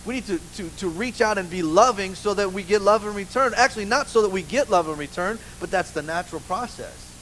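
A man preaching a sermon in church, an animated, humorous storyteller who keeps saying "you know". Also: sits high, brisk, hardly any pauses, slight background noise, poor audio. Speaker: pastor. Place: church with a live congregation.

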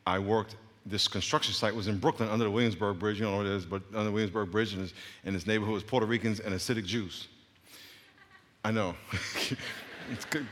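A middle-aged man preaching a sermon full of stories. He shifts between loud bursts and quiet asides and laughs often. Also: fairly low pitch. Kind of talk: sermon with anecdotes. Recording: long reverb of a large hall.

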